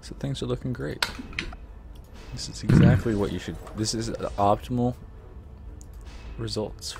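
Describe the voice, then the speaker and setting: A man in casual game voice chat, making dry, deadpan sarcastic remarks. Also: medium pitch, a little slow, creaky, very noisy. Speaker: game player.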